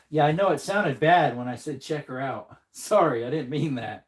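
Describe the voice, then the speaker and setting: A man's voice: mid-range voice, moderate pace, hardly any pauses, slight background noise. A man hosting a casual live stream, joking and answering viewer comments while he hand-loads ammunition at his bench. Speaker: livestream host.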